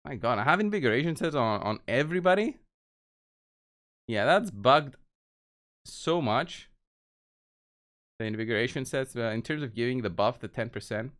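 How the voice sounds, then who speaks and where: A man's voice: medium pitch, animated, normal speed, long pauses, fairly bright tone. A man giving casual gameplay commentary, walking viewers through each move step by step. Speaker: game video creator.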